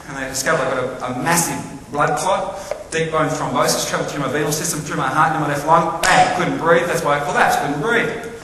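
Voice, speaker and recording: A middle-aged man giving a talk, telling a personal story in a conversational way and acting out the dialogue. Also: a little high. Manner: conversational, acts out dialogue, drops to quiet intense tones. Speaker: public speaker. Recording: echoey hall, distant mic, faint noise.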